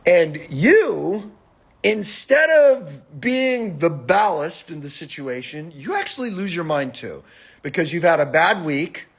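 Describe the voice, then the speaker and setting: Man, podcast host, gravelly voice, a little husky, swearing, animated storytelling. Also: a little high, slow. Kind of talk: casual profane chat.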